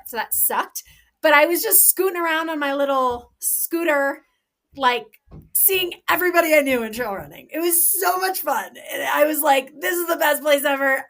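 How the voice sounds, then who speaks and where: Chatty, excited woman on a podcast. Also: on the high side. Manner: enthusiastic, rambling, many fillers and restarts. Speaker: podcast co-host and professional trail runner. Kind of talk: casual podcast chat.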